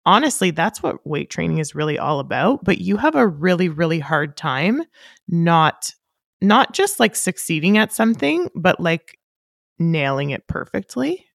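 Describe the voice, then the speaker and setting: Lowish gravelly woman, dry close sound, frank coaching tone, swears casually. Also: sing-song, a little slow, no room sound. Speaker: podcast co-host. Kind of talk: casual chat.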